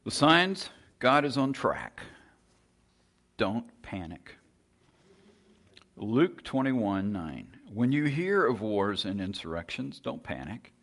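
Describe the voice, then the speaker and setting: A man preaching a sermon in an earnest, emphatic way, moving between quiet passages and loud, raised points. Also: lowish voice, big pitch swings, slow pace, long pauses.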